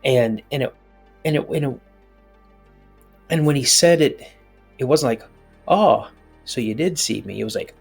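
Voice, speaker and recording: Middle-aged man, husky voice, animated story, many restarts, faint music. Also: medium pitch, unhurried, pauses often. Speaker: podcast guest. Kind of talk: telling a personal story.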